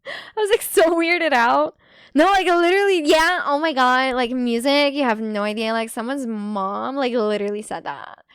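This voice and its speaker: A woman streams and chats casually with her viewers. Her voice sits high, and she laughs easily between quick asides, filling her sentences with "like." The sound is close and dry, with no room in it. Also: fairly bright tone, clean tone, no room sound. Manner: chatty, giggly, full of "like" and quick asides. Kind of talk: casual live-stream chat.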